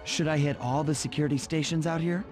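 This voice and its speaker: A man's voice: fairly high pitch, steady tone, fast, natural voice. An actor voicing a laid-back male raccoon master thief in a video game, easygoing and a bit lost by tech talk. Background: game music.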